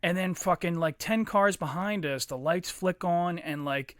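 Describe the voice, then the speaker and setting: A man's voice: high-pitched, measured pace, no room sound, clean studio sound. A man, co-hosting a podcast, telling wild stories in a rambling, profane, laughing way. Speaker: podcast co-host. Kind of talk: casual storytelling chat.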